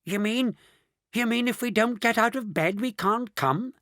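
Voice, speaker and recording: A man's voice: very high-pitched, measured pace, a bit bright, no room sound, studio quality, pitched above the performer's own voice. A man voicing a fussy bedridden grandmother who wails and complains, in a storybook reading. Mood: indignant.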